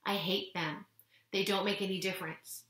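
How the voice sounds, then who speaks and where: A stubborn young boy whines and protests, read aloud by a woman. The voice is bright and pushes hard, in an echoey room. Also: mid-range voice, fairly even intonation, normal speed, lightly acted. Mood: sulky. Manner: whiny, sulky.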